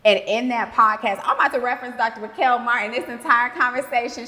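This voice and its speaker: A woman with a fairly high voice hosts a casual podcast chat, speaking candidly and with emphasis. Her voice rings in a long hall reverb. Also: a little fast, few pauses, bright, forceful tone. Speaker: podcast host.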